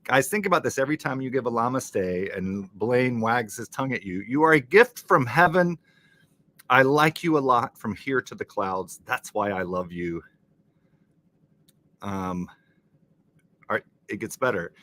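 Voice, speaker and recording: A man talks through a live crossword stream in a very lively, animated voice that swoops up and down. His tone is bright and forward, and he laughs easily and slips in playful asides as he reads viewers' comments. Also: medium pitch, a little slow. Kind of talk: casual live-stream chat, reading chat comments.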